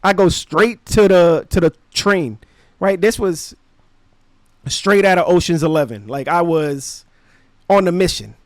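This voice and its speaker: A man, casually telling a story on his podcast in an animated, slangy way. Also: high voice, measured pace, dry recording. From Brooklyn, New York. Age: 30s. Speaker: podcast host.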